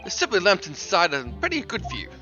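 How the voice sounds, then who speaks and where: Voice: mid-range voice, wildly swooping pitch, a little fast, dull audio. A streamer voicing a chatty, self-assured Cockney witness in a courtroom game, with game music behind. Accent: Cockney, put on. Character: Cockney man, a city banker witness.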